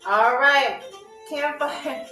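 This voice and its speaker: A woman with a high voice hosts a live-streamed trivia game show, and she speaks slowly and deliberately. Her manner with the viewers is playful and teasing. The sound is roomy and echoey. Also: bright, forceful tone, faint music behind.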